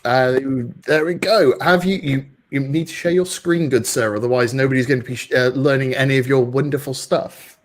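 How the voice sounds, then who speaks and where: A man's voice: medium pitch, fairly even intonation, normal speed. A man hosting an online meetup over a video call, jokey and a little hesitant. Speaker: meetup host. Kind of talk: live event hosting.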